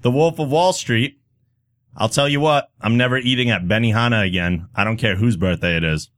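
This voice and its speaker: A man's voice: mid-range voice, a little fast, a bit bright. A man co-hosting a live podcast awards segment in casual, joking chat. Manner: joking, self-deprecating. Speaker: podcast co-host.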